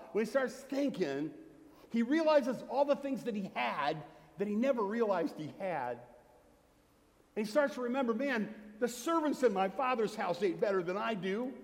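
A middle-aged man preaching a sermon, telling humorous stories and acting out the voices of the people in them. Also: high voice. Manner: humorous storytelling, acts out quoted voices. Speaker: pastor. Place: church sanctuary. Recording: long hall reverb from the church.

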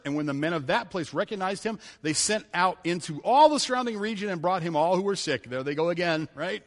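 A man preaching a sermon who talks in an animated way, swinging between loud bursts and hushed passages and laughing often. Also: fairly high pitch. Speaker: pastor. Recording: long hall reverb.

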